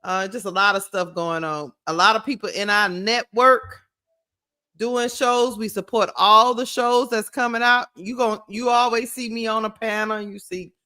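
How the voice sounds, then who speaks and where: Bright-voiced upbeat woman co-host. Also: a little high, steady tone, normal speed. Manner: laughs often, upbeat and encouraging. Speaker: podcast co-host. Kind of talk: casual livestream chat.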